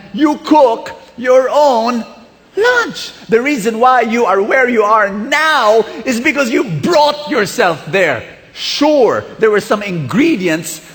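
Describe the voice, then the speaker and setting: A Filipino-accented man preaches with a high-set, animated voice that leaps across his range as he exhorts his listeners. His words carry a long reverb through a large hall. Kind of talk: sermon.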